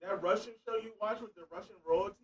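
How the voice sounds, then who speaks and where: A man co-hosting a podcast in casual chat, joking crudely and excitedly. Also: high-pitched, fast, slightly rough, rough recording. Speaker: podcast co-host.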